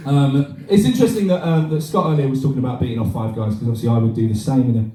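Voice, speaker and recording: This stand-up comedian races through his set in a mid-range voice, crude, rambling, animated and full of swearing. He is performing live in a cafe bar, recorded distantly in an echoey room.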